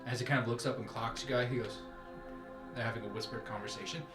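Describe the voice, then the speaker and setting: A man narrating as game master of a tabletop game, describing scenes in an animated way. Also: mid-range voice, quick pace. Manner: animated, laughing through scenes. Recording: echoey room with music.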